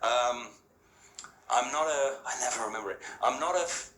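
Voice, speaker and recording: A man's voice: mid-range voice, moderate pace, fairly bright tone, slight background noise. A man giving an interactive talk to a live audience, talking casually and asking them questions, often checking in with "yeah?". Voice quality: conversational, rhetorical, frequent "yeah?" and "right?" check-ins. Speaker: spiritual speaker addressing an audience. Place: hall with an audience. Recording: echoey hall with faint ambience.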